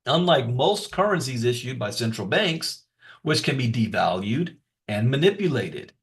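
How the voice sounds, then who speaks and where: A man's voice: medium pitch, big pitch swings, normal speed. A man presenting a beginner's crypto lesson, reading from notes with casual asides and emphatic repetition. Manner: explanatory, emphatic repetition for stress.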